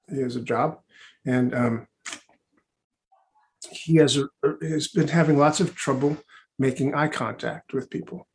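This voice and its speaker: Chatty rambling man on a video call. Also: medium pitch. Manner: chatty, rambling with restarts and asides. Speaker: hypnotherapist. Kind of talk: conversational interview answer.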